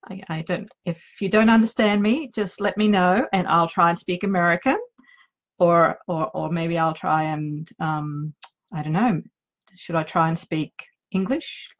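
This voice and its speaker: A woman's voice: lowish voice, fairly even intonation, a little slow, dull audio. A middle-aged woman with an Australian accent, an author chatting casually and nervously in her home office, joking about herself. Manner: chatty, nervous and self-deprecating. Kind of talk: casual live video chat.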